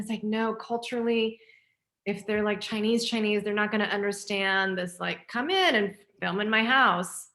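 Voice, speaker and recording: Bright lively woman telling a story. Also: medium pitch, fairly quick. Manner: lively storyteller acting out quoted dialogue. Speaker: film director. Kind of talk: panel discussion storytelling.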